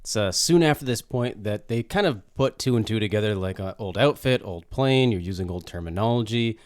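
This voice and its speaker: A man's voice: on the low side, animated, a little fast, a little mellow. A man co-hosting a podcast in casual chat, chiming in with jokes and comments. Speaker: podcast co-host.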